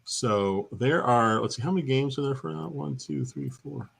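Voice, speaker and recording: A man's voice: mid-range voice, normal speed, creaky, husky. A man co-hosting a casual gaming chat show, telling stories and laughing often.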